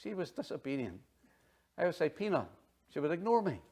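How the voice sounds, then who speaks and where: A middle-aged man preaches in a chatty, animated way. He breaks off into personal asides. His voice sits a little higher than most men's. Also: fast talker. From Northern Ireland. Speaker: pastor. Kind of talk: sermon.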